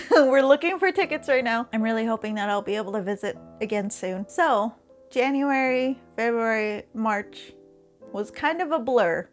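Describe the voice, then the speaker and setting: A woman's voice: a little high, expressive, moderate pace, soft background music. Laughing woman in her thirties chatting candidly. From Canada. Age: 30s. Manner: candid and confessional, laughing often between phrases. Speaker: streamer and vlogger. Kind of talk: casual chatty vlog.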